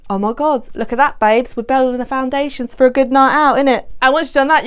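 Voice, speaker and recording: A young woman with a fairly high, smooth, clear voice, bantering cheekily through a cocktail how-to. She swears freely and teases the viewer while she mixes drinks. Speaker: bartender host. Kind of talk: cocktail tutorial.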